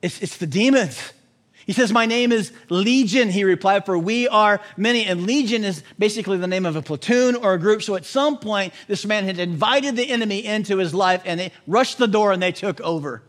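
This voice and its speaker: Male preacher, high voice, lively and punny delivery, for a sermon read. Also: fairly quick. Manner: animated, joking with puns. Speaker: pastor.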